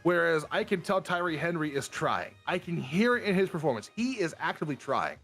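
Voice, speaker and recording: A man's voice: a little high, brisk, faint music behind. A young man hosting a livestream, chatting casually with friends and giving his opinions. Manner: animated, opinionated, jumps into mock voices. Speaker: streamer host. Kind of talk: casual chat.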